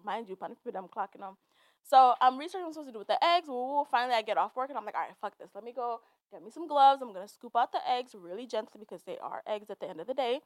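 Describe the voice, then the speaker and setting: A young woman with a slightly high voice hosts her own podcast in a loose, unscripted monologue. She swears freely and slips between laughter and tears as she talks. The recording is close and dry, with almost no room sound. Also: expressive, fast, hardly any pauses, no echo. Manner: candid, profane, laughing and emotional. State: teary, laughing through tears. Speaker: podcast host. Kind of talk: casual monologue.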